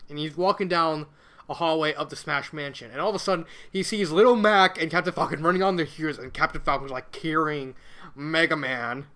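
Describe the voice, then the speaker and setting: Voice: medium pitch, brisk, fairly bright tone. A fan fiction reader reading a story aloud casually, breaking off into rambling, giggly commentary.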